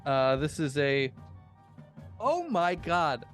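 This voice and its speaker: A man playing a tabletop game, joking and quick to laugh as he plays. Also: fairly high pitch, big pitch swings, soft background music. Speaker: player. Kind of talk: casual tabletop play.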